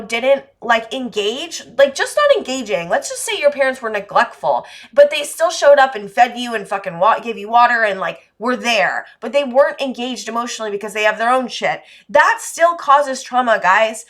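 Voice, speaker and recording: A woman giving a pick-a-card tarot reading to her viewers, talking openly and emotionally, swearing casually and getting heated, then going quiet and tender. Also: a little high. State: emotional, voice dropping low. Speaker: tarot reader.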